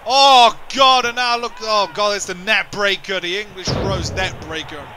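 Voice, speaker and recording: A man doing excitable, indignant play-by-play commentary for a video game wrestling show, often repeating himself. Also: high voice, unhurried, hardly any pauses, slight background noise.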